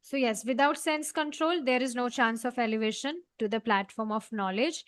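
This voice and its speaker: Brief: woman teacher, high bright register, explains scripture earnestly. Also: moderate pace, no echo. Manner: earnest, explaining, frequent "you know" fillers. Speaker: study group leader. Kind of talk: devotional scripture class.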